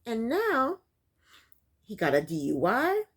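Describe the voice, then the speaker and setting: A woman's voice: on the high side, huge pitch swings, slow pace, a bit bright, slightly rough. A woman casually recapping a reality show, chatty and sassy, often breaking into laughs.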